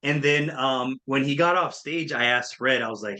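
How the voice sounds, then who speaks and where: Bright-voiced man telling his story. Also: medium pitch, normal speed, hardly any pauses. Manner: animated, acts out quoted voices. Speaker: guest, speaker and coach. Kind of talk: storytelling in a podcast interview.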